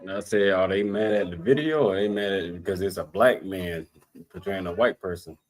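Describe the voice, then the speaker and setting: A very deep-voiced man co-hosts a casual podcast. He mostly chimes in with short, blunt agreement. Now and then he adds a quick remark of his own. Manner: brief agreeing interjections, blunt. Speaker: podcast co-host. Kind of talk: casual chat.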